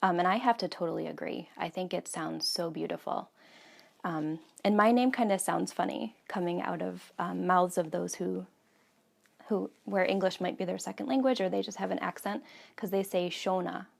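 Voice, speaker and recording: This knitting podcast, hosted from home, features an American woman in her thirties with a fairly low voice, normal speed and vocal fry. The chat is casual and chatty, scattered with ums and soft asides.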